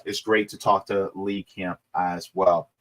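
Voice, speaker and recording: A man's voice: sits low, flat delivery, measured pace, fairly bright tone. A man hosting a casual livestream, talking to viewers in a loose, rambling way with plenty of fillers. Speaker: livestream host.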